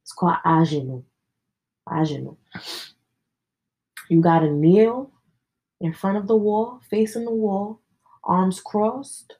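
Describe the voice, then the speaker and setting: A woman's voice: mid-range voice, slow pace, long pauses, warm tone, husky, poor audio. A young adult woman hosting a podcast, telling personal stories in a slangy, candid, casual way with plenty of swearing. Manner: slangy, candid, sprinkled with profanity. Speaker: podcast host. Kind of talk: casual storytelling chat.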